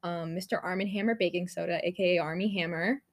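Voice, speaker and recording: A young woman with a slightly low voice, talking through a movie review in loose, chatty conversation. She fills her talk with "like" and "um" and laughs often as she acts out quotes. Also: steady tone, fast. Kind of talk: casual movie review chat.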